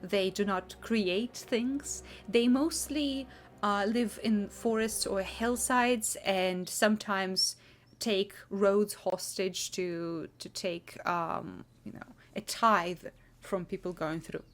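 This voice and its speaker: A woman narrating a tabletop role-playing game as game master, describing scenes in a measured way with frequent fillers. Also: medium pitch.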